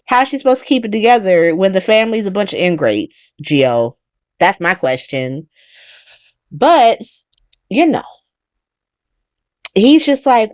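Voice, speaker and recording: A woman hosting a casual soap opera recap, animated and profane with exasperated ranting. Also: lowish voice, a little slow, no echo, clean studio sound. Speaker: recap podcast host.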